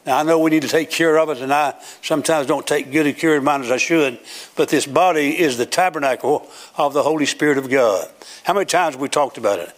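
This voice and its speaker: Older male preacher, slightly high voice, emphatic rising cadence, church sermon. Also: a little fast. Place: church sanctuary with platform.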